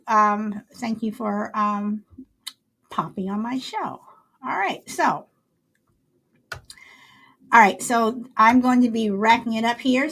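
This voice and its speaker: A woman hosting a casual live show, talking haltingly with many fillers and repeated words. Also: fairly high pitch, fairly bright tone, a little hiss or hum. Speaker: host. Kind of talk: casual live-stream chat, reading viewer comments.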